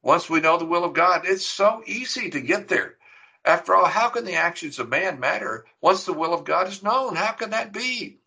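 A man's voice: sits high, lively intonation, normal speed, creaky, bright, forceful tone, low-quality recording. A middle-aged man preaching a sermon, teaching earnestly and emphatically, with rhetorical questions. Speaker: pastor.

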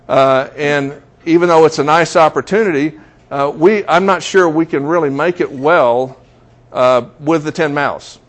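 A man telling a story to a group in a conversational way, with many fillers and restarts. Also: a little high. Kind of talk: interactive storytelling talk.

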